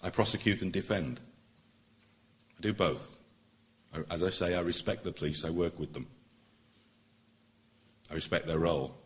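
A middle-aged man, a barrister, giving an earnest, persuasive public speech at a meeting, pausing for emphasis. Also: low voice.

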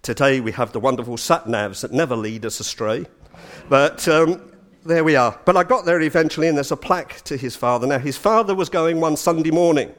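Guy giving a talk, kinda high voice, lively storytelling with asides. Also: fairly quick. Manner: animated, with chatty asides. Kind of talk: storytelling lecture.

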